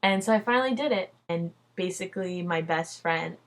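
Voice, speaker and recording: Chatty young woman with a lowish voice. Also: a little fast. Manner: chatty, peppered with "like" and "dude", swears freely. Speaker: vlogger. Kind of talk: casual personal storytelling.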